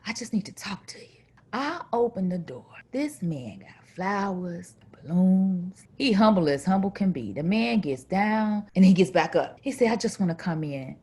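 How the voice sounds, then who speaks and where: A woman from Chicago, a guest telling a personal story in a lively way and acting out other people's voices. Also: on the low side, measured pace, few pauses, breathy edge. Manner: animated, acts out voices of others.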